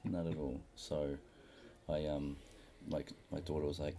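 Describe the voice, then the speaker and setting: A man's voice: rumbling low, moderate pace, vocal fry, husky. A middle-aged man, hosting a podcast in casual chat and telling stories by acting out what people said. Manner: animated storyteller acting out quotes, swearing. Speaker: podcast host.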